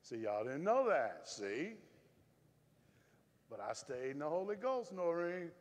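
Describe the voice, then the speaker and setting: A man's voice: big pitch swings, a little slow. Southern man preaching in a church hall. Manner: folksy storytelling, swings from loud and firm to low and confiding. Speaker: pastor. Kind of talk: sermon. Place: church sanctuary.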